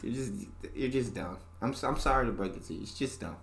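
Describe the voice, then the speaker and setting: A man's voice: mid-range voice, animated, quick pace, a bit bright. A man hosting a reaction video, joking and bantering casually. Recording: echoey room.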